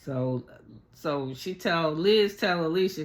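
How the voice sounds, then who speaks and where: A woman vlogger recapping a reality show in casual, profane storytelling, animated and chatty, acting out what people said. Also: fairly low pitch, normal speed. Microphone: on camera, speaking to viewers.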